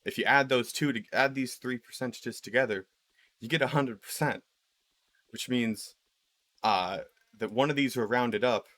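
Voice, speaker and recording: A man's voice: mid-range voice, moderate pace, fairly bright tone, dry recording. A man ranting casually while playing a game, rambling with lots of fillers and swearing. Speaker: video creator. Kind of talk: casual rant while gaming.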